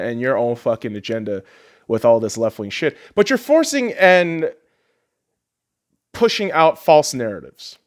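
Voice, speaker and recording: A podcast host with a fairly high, slightly bright voice goes on a heated, sarcastic solo rant, swearing often.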